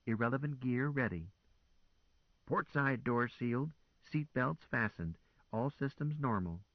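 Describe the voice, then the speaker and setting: A man voicing a calm, teasing woman commodore who gives orders with wry composure. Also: mid-range voice, no room sound, muffled recording, voice pushed up, lightly acted. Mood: crisp.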